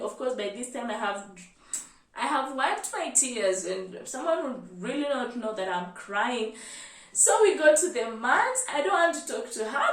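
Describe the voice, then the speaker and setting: A Kenyan woman in her twenties, a medical student, telling a personal story in an animated vlog style. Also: sits high, echoey room, far from the mic. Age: 20s. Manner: animated storytelling, lively retelling.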